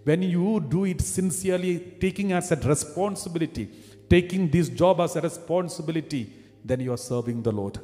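A man's voice: a little high, brisk, dark tone. A man, a Catholic priest, preaching a sermon with repeated phrases and call-and-response lines. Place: retreat centre chapel or hall. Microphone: livestreamed service mic. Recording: long reverb of a large hall, faint music.

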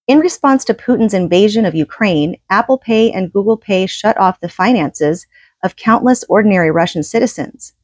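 A woman's voice: medium pitch, animated, moderate pace, darkish tone, no echo. Earnest woman reading a book aloud. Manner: earnest, rhetorical questions. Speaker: book reader and commentator.

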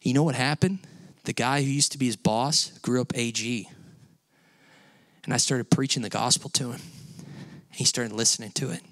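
A man's voice: medium pitch, fairly even intonation, moderate pace, fairly bright tone, dry recording, clean studio sound. A male pastor preaching a sermon, telling a personal story in a conversational way and building to emphatic peaks. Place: church sanctuary.

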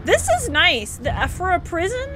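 High, excitable woman streamer. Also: normal speed, music in the background. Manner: excitable, screams and laughs at scares, gushing thanks to chat. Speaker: live game streamer. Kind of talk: live gameplay streaming, chatting with viewers.

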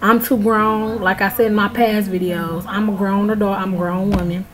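A crowd can be heard behind an American woman in her early twenties as she rants to camera in a casual vlog, outraged and emphatic, speaking straight to viewers. Her medium-pitched voice stays steady at a moderate pace, and the recording is rough.

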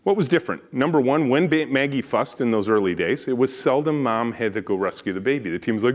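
A man with a deep booming voice delivering a conference keynote as a company founder, telling stories in an animated way. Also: quick pace, few pauses. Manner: animated, storytelling, acts out dialogue. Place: conference stage.

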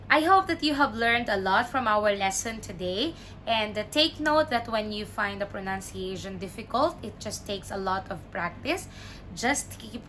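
A woman teacher giving a pronunciation lesson, repeating each word and stressing its syllables clearly. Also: fairly high pitch, a bit bright, slight background noise. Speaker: language teacher. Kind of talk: slow, deliberate pronunciation lesson.

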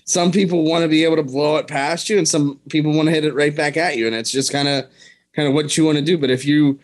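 A man co-hosting a sports podcast, speaking in a measured way with many "you know" fillers. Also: fairly high pitch, fairly even intonation. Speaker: podcast co-host. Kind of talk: casual sports talk.

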